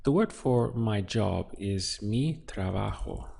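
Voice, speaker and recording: Slow gravelly man teaching Spanish. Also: fairly low pitch, lively intonation, dark tone. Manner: slow, explanatory, talks through each word. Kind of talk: relaxed language lesson.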